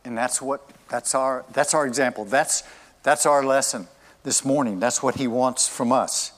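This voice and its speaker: A man's voice: mid-range voice, moderate pace, in a large hall. A male pastor preaching a sermon in a church service, emphatic and repeating his key phrases.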